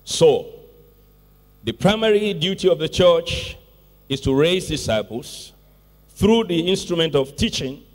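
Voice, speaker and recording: A man preaching a sermon as pastor to his congregation, stressing key words and repeating phrases with call-outs to the room. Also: high voice. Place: church sanctuary. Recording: long church reverb.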